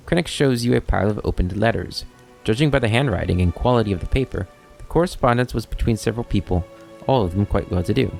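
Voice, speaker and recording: Man, let's play host, gravelly, low voice, relaxed, thinking aloud, faint game music behind. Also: quick pace. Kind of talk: casual gameplay commentary and reading.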